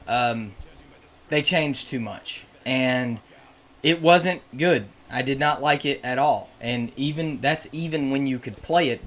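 A man's voice: mid-range voice, fairly bright tone. A young man, a gaming YouTuber, giving an opinionated, ranting commentary. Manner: opinionated and ranting, with emphatic swings. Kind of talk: casual commentary.

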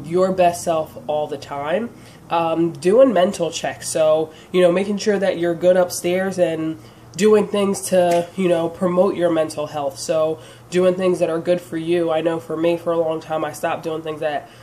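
A woman's voice: fairly low pitch, dark tone, slight background noise. A woman vlogging to camera in an earnest, encouraging way. Her voice sounds congested and nasal from a sinus problem, and she fills her talk with "um" and "you know". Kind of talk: casual direct-to-camera chat.

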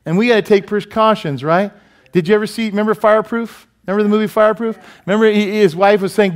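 A man preaching a sermon as pastor in a church, animated and joking, asking the congregation many questions. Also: high voice, fast talker, clear, resonant tone. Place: church sanctuary.

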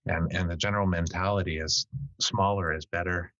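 A man's voice: deep voice, steady tone, brisk, fairly bright tone, no echo. A man from Canada, his English carrying a slight Finnish tinge, talks reflectively as a podcast guest and often restarts phrases while searching for words. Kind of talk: casual interview talk. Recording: dull lo-fi dry sound.

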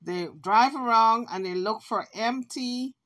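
A woman's voice: on the high side, a little slow, a bit bright. A woman hosting a commentary vlog, recapping an argument in a chatty, speculating way. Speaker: commentary channel host.

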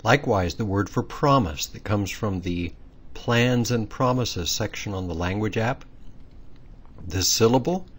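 A man with a low, slightly husky voice teaches a pronunciation lesson. He sets out each rule and its exceptions patiently and methodically, stressing the words that matter. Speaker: language teacher. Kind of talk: explanatory lesson.

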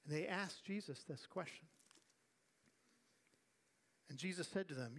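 Animated male pastor preaching a sermon. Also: fairly high pitch, a little slow, slightly rough. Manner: animated preaching with acted-out quotes and repeated refrains. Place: church sanctuary.

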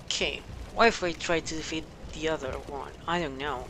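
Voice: medium pitch, fairly even intonation, moderate pace, background noise. A gamer from Argentina, whose native language is Spanish, speaks English with an Argentinian Spanish accent over a headset. The gamer mutters reactions, curses at enemies and keeps saying a sarcastic "great". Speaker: let's play gamer. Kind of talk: casual gameplay commentary. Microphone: headset microphone.

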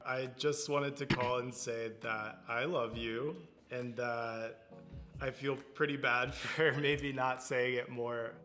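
A man speaks sincerely and shyly in a candid interview. His voice is bright and mid-pitched, with faint music behind it. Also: fairly even intonation, takes it slowly. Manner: shy, sincere, laughs softly. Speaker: interviewee calling his parent.

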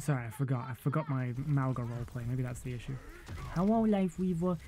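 A man's voice: mid-range voice, lively intonation, fast talker, warm tone. A man giving live, jokey commentary while he plays a video game, exclaiming and laughing often. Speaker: game streamer.

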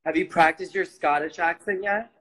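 A man's voice: sits high, steady tone, normal speed, a bit bright, slightly rough, low-quality recording. Upbeat man reading out viewer comments. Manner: relays questions, upbeat and teasing. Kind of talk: casual chat.

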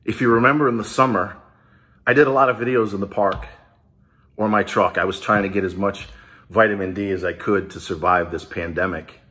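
A lowish, steady male voice moves briskly with a bright, forceful tone. Hosting his small business vlog, he speaks right to the audience in a hyped, rallying style that turns emotional in this casual video.

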